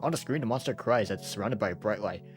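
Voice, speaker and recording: A man's voice: on the low side, fast, soft background music. A young man reading a visual novel aloud as a let's-player, laughing often between plain narration.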